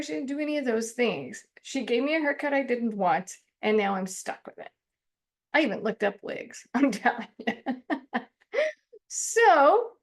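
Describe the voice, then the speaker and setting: Her voice sits high as this middle-aged counselor explains a self-help technique casually and conversationally. Frequent laughter punctuates her talk, and she dramatizes her own grievances.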